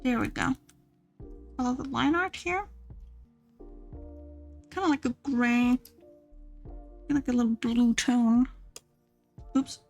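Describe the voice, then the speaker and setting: Woman streamer, casual rambling chat, gravelly fry, faint music behind. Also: on the high side, takes it slowly, pauses often, a little mellow. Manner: chatty, rambling with many fillers. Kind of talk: casual chat while drawing.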